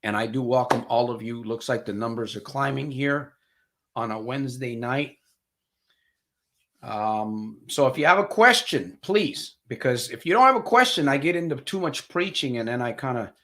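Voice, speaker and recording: A man with a mid-range, fairly bright voice and lively intonation speaks at normal speed. As a recovery coach hosting a live motivational broadcast from a green-screen home studio, he talks to viewers like friends, preaches, repeats phrases to drive points home and reads out comments.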